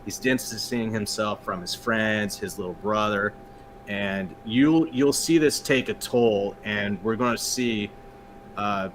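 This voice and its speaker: A man speaks as a guest in a relaxed conversation, with a voice a little low for his sex and a forceful, bright edge. He talks loosely, leans on lots of fillers and swears freely. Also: unhurried, a little hiss or hum. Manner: loose and profane, many fillers. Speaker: guest comic creator. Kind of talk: casual chat.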